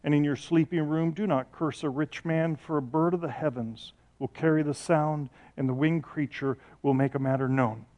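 A middle-aged man preaching a sermon with a fairly high voice. He speaks passionately, telling stories and restarting his sentences as he goes. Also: fairly even intonation, moderate pace, few pauses, darkish tone, lo-fi sound. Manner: passionate, storytelling with restarts and self-corrections. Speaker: pastor.

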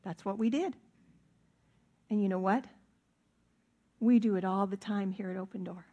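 A woman's voice: mid-range voice, mellow, highs cut off. A middle-aged woman pastor preaching a sermon in a church, earnest and emphatic, stretching out key words for weight. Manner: earnest, emphatic, with drawn-out stresses.

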